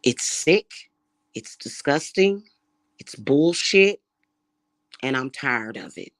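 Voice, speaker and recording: Her voice rumbles low and sounds animated, yet she takes her time. In this clean, echo-free studio recording, the spiritual reader and vlogger goes on a heated, profane, repetitive rant in an angry vlog monologue.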